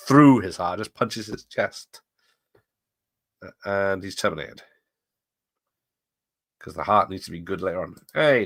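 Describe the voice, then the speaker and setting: Chatty low-voiced man. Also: a bit bright, no room sound. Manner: chatty, laughs often, rambling asides. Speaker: watch-party host. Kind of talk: casual live commentary reading chat.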